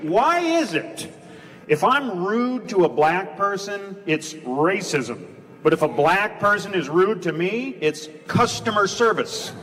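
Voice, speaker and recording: A male stand-up comedian who delivers deadpan setups broken up by sudden loud acted outbursts. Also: high-pitched, takes it slowly. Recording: noisy live recording.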